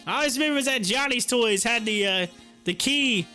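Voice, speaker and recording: High, bright-voiced live-stream host. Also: male voice, brisk, faint music behind. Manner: animated, laughs often, repeats phrases. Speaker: live stream host reading viewer chat. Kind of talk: casual live-stream chat.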